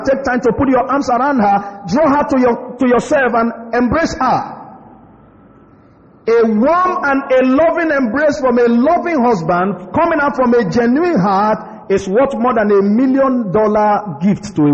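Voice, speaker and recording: Preaching man with a high voice. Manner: preachy, emphatic repetition with interjected praise. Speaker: pastor. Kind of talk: sermon on marriage. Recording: dull lo-fi audio in a long-reverb hall.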